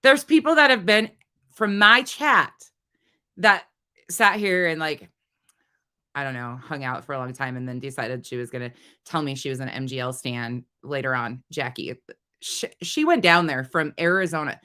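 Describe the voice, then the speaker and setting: A woman's voice: low-pitched, animated, normal speed, sharp tone, smooth. A woman hosting a livestream, talking to her chat in a heated, swearing, casual way. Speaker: livestream host.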